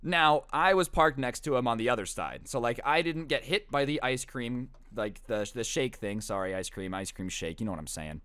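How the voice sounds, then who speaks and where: A man's voice: medium pitch, moderate pace, hardly any pauses, smooth, no room sound. Chatty young man telling a story. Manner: animated, lots of "like" and "bro", acts out quotes. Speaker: storytime YouTuber. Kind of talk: casual storytelling.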